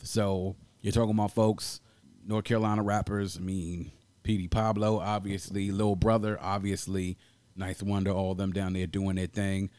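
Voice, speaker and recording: A man's voice: on the low side, no echo. Chatty D.C. man in a dry room. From Washington, D.C. area. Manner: animated, laughs often, talks at length. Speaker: podcast co-host. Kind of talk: casual chat.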